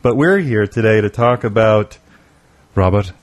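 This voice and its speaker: A man's voice: lowish voice, lively intonation, measured pace. A man filling in as co-host on a radio talk show, joking and playful in casual banter. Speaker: guest co-host.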